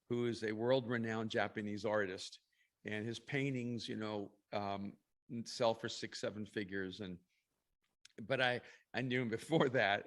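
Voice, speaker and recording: A man's voice: mid-range voice, fairly bright tone. A middle-aged man, a podcast guest, telling a long personal story in an interview, reflective and laughing now and then between phrases.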